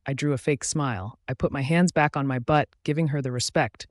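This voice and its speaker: A man reading first-person audiobook narration in a steady storytelling voice. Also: medium pitch, normal speed, hardly any pauses, dry recording, studio quality.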